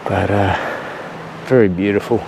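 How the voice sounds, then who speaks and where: A man's voice: on the low side, fairly even intonation, normal speed. A man narrating a casual walking vlog on coastal trails, chatty and rambling with a light joking tone. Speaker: vlogger. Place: outdoors on coastal cliff trails and caves. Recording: outdoor recording with clear ambient noise.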